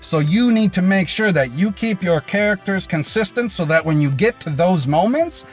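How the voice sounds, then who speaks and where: Animated high-voiced man recapping a show. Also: normal speed, soft background music. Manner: animated, swings pitch for emphasis. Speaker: reaction video host. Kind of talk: casual episode recap with profanity.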